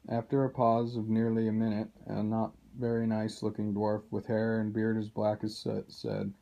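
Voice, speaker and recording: A man reading a children's novel aloud in a steady, unhurried way. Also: on the low side, creaky, muffled recording. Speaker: reader.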